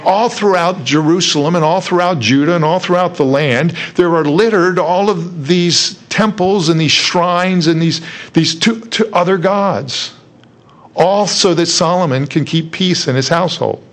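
A man's voice: sits high, measured pace, a bit bright. A male preacher giving a conversational sermon, retelling a story and asking rhetorical questions.

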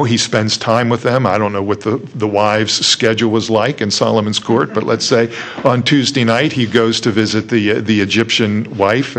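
A man's voice: mid-range voice, fairly bright tone. A male preacher giving a conversational sermon, retelling a story and asking rhetorical questions.

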